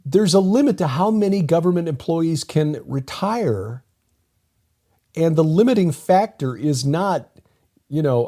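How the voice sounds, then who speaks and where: A man's voice: fairly high pitch, warm tone. Rambling man co-hosting a talk show. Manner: rambling, with frequent restarts. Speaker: podcast co-host. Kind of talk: casual conversational commentary.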